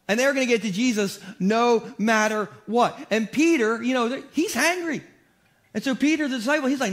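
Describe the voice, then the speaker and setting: A man with a high voice preaches in church, storytelling with comic timing. He pokes fun at himself and moves fast between jokes and the point of the sermon. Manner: comedic storytelling, animated, self-deprecating. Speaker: pastor.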